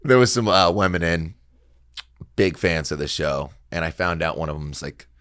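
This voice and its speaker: A man's voice: sits low, normal speed, no room sound, clean studio sound. A young man, a comedian guest on a podcast, telling stories in casual chat with plenty of laughs, a little tipsy from beer. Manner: laughs often, animated storytelling with put-on voices. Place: podcast studio. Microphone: studio mic.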